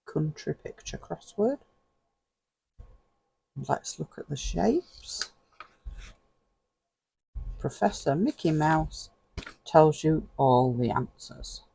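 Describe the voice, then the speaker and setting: A man's voice: on the high side, very animated, drawn-out words, creaky, pauses often, warm tone, breathy edge, low-quality recording. A man, chatting casually to the viewer as he flips through an old magazine and chuckles often. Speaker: vlogger. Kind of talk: casual flip-through commentary.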